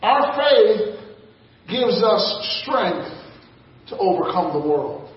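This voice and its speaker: A man's voice: high-pitched, very animated, very slow. A man preaching a sermon in a conversational way, full of rhetorical questions to the congregation. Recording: echoey, muffled room mic from a distance.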